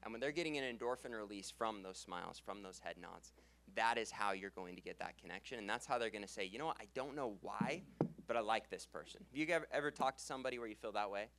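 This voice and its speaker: A young man coaching a live seminar audience on sales, energetic and quick to laugh, and he closes his sentences on a falling pitch. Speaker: sales trainer. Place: conference room with live audience. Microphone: handheld stage mic.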